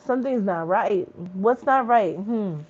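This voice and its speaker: A spiritual reader preaches bluntly in her vlog, swearing plenty and talking in street slang. Her medium-pitched voice is slightly rough and animated, delivered at a slow pace over lo-fi sound.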